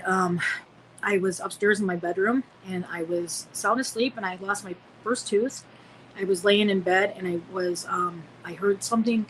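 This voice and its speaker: A woman's voice: mid-range voice, fairly bright tone, a little hiss or hum, low-quality recording. A woman in her forties from Illinois, a podcast guest telling a personal story in a rambling way, with many fillers and restarts. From Illinois, United States. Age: 40s.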